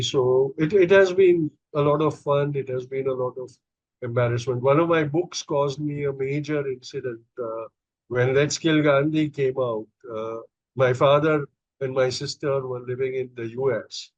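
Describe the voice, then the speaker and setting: A man's voice: medium pitch, normal speed, darkish tone, dry recording, highs cut off. A middle-aged man, a podcast guest telling personal stories in a hesitant, conversational way full of fillers and restarts. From India. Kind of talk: conversational storytelling.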